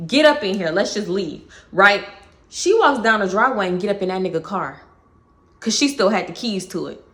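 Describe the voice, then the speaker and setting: A woman with a Texas accent telling a casual storytime, animated, profane and dramatic. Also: medium pitch, moderate pace. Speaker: vlogger.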